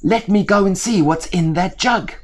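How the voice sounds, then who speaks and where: A man voicing a thirsty, clever crow in a told fable, with high squawking cries and excited calls. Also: moderate pace.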